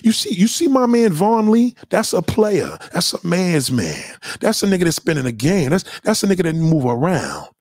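Brief: young adult male streamer, husky, animated pitch, heated profane slang rant, dry close sound. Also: normal speed, hardly any pauses, no room sound. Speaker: livestream host answering chat. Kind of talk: casual livestream rant.

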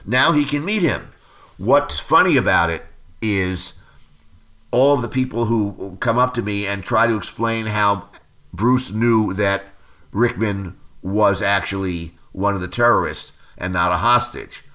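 Older male screenwriter, low and forceful, casual rambling anecdote teller. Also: measured pace. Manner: rambling, many fillers and restarts, lively acted-out quotes. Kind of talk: anecdotal interview storytelling.

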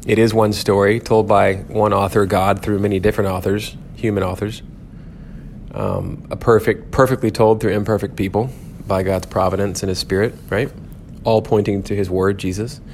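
A man's voice: fairly low pitch, level tone, moderate pace, gravelly, darkish tone, slight background noise. A man teaching an informal Bible lecture at a church, talking conversationally and correcting himself often, with many "um"s and "okay?"s.

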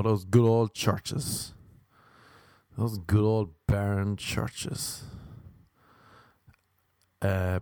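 A man's voice: on the low side, a little mellow, dry recording, studio quality. Rambling Irish man doing stand-up. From Ireland. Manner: rambling, repetitive, sardonic asides. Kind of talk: stand-up comedy monologue.

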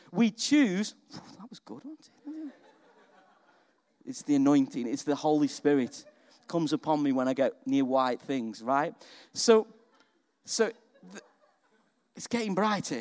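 A man preaching a sermon in a lively, conversational way, often asking his listeners questions. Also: high voice, a little slow. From England.

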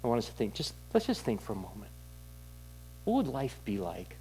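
Man, pastor, sermon, candid storytelling, halting restarts, middle-range voice, faint hum behind. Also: medium pitch, wildly swooping pitch, a little mellow, poor audio.

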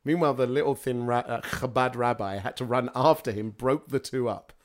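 Chatty male guest telling lively stories. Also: medium pitch, fairly quick. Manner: lively anecdotal storytelling with frequent fillers. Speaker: guest speaker. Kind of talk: casual interview chat.

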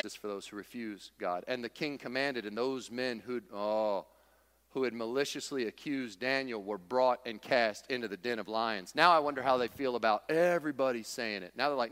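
Bright-voiced man preaching in a hall. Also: mid-range voice, normal speed, smooth. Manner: emphatic, repetitive, folksy humor. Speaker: pastor. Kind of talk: sermon.

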